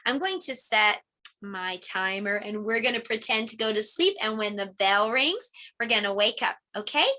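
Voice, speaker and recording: A woman's voice: medium pitch, lively intonation, moderate pace, sharp tone. A middle-aged woman teaching a preschool lesson to small children, encouraging and sing-song. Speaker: homeschool pre-K teacher.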